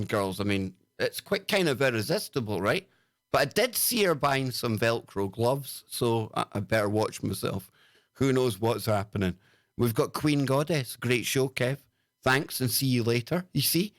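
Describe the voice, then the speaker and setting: A man's voice: mid-range voice, dry recording, studio quality. A British man hosting a casual livestream, talking in a sarcastic, mocking way as he reads out chat comments. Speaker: livestream host.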